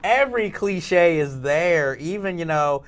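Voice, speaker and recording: Higher-voiced man mocking a cheesy film. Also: expressive, unhurried, a bit bright. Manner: exasperated, mocking retelling. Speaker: film review show panelist. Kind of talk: casual panel chat.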